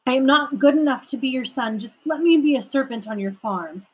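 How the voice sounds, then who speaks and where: A woman's voice: high-pitched, fairly quick, slightly rough, pitched above the performer's own voice, poor audio. A woman reading a humble, pleading young son. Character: desperate penniless young man.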